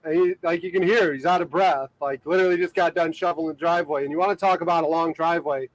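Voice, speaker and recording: A man with a rather high voice talks to his live-stream viewers from the deck of a boat. He is from Ohio and speaks loosely, with plenty of fillers and easy laughter. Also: steady tone, fast, rough recording. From Ohio, USA. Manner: rambling, filler-heavy talk with many "like"s and frequent laughter. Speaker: livestreaming boat vlogger. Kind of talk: casual live-stream chat. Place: outdoors on a boat on the water.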